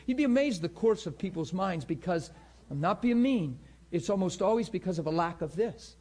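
A middle-aged man teaching a class on healing in a loose, animated sermon style, acting out the people he quotes. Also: high-pitched, fairly quick, husky. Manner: animated storytelling, acts out quotes in voices.

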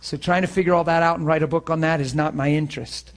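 Man, pastor, somewhat high voice, earnest, conversational, informal sermon and prayer, students in the room. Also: fairly even intonation, fast talker. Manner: earnest, conversational, tells personal stories. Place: room with students present, also streamed online.

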